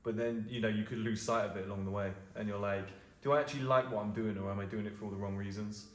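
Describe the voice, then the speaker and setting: A man's voice: fairly low pitch, fairly even intonation, quick pace. A British man telling a story in casual, chatty conversation. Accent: British English. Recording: echoey room with faint noise.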